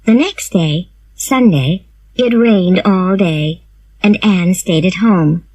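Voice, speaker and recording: A woman reading a simplified storybook aloud, slow, clear and expressive. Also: lowish voice, no echo. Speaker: narrator.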